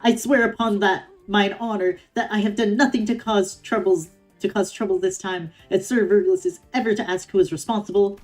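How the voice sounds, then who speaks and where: A woman voicing a grandiose young knight woman who speaks in an archaic, theatrical way, raising her pitch. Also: steady tone, brisk, few pauses, darkish tone, faint music behind, close to an everyday voice.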